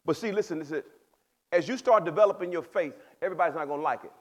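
A pastor giving a sermon to young people, calling listeners by name, shifting between loud exhortation and quiet explanation in casual speech. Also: male voice, fairly high pitch, quick pace. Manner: preaching, addresses listeners by name. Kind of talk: sermon to youth.

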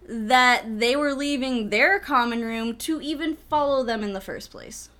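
A woman's voice: sits high, a little slow, hardly any pauses, fairly bright tone. A woman co-hosting a casual podcast about a film, talking in a chatty way with lots of "like" fillers and swearing. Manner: chatty, profane, many "like" fillers. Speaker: podcast co-host.

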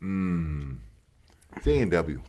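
A man co-hosting a podcast, relaxed and swearing, often saying "you know". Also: low-pitched, slow. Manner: laid-back, swears, leans on "you know". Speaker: podcast co-host. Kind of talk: casual chat.

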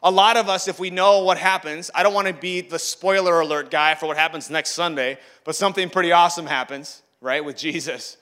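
A man giving a sermon in a conversational way, acting out the voices he quotes and swinging from loud to hushed. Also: a little high, steady tone, a little fast, few pauses, clear, resonant tone. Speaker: pastor.

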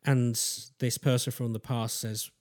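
Man, podcast host, casual storyteller, mid pitch, halting delivery full of ums and restarts. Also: little pitch movement, a little mellow. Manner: rambling, halting, with fillers and restarts.

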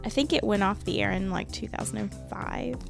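A giggly woman co-hosting a casual movie podcast, her voice often dropping into gravelly fry. She talks as an eager fan. Soft music sits faintly behind her. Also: mid-range voice, fairly quick. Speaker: podcast co-host. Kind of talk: casual movie review chat.

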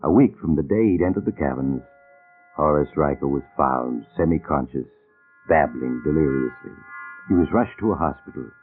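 A man narrating a radio drama in a measured, grave scripted style. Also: very deep voice, expressive. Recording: tinny old radio recording with music.

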